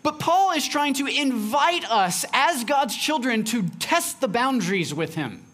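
A young adult man delivers a sermon as pastor. He talks to the congregation in a relaxed, conversational way. He slips into quoted lines from home as he goes. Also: extremely high pitch, measured pace. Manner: conversational, acts out quotes from his daughter.

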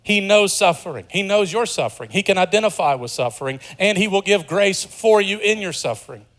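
Earnest male preacher, hushed to emphatic. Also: high voice, animated, brisk. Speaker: pastor. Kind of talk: sermon.

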